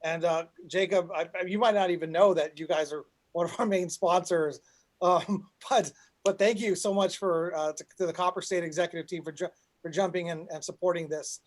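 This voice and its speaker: A man's voice: sits high, steady tone, brisk. A man hosting an online panel, talking in a rambling way with frequent restarts, over a video call. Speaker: panel host.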